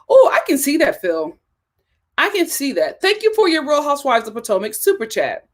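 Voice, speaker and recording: A young woman with a high voice hosts a casual live stream. She talks in a chatty, animated way, reads out viewer comments, thanks people by name and laughs often. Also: normal speed. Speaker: live-stream host reviewing a reality show.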